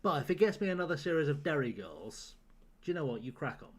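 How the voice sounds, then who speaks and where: A man's voice: on the high side, sing-song, fast, breathy edge. A man streaming a game live, chatting to his viewers with sardonic, profane jokes. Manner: sardonic, profane joking to chat.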